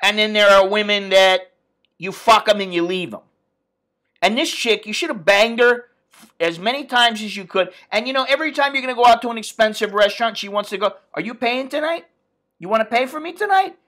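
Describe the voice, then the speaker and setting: American man vlogger, profane and blunt, ranting casually in a bright voice. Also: high voice, brisk. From United States. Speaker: expat vlogger. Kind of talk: casual vlog rant.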